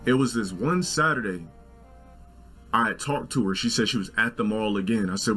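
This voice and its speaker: A man's voice: moderate pace, soft background music. Profane storytelling man in his forties. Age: 40s. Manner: animated, profane, jumps into shrill quoted voices. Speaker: storyteller in a video.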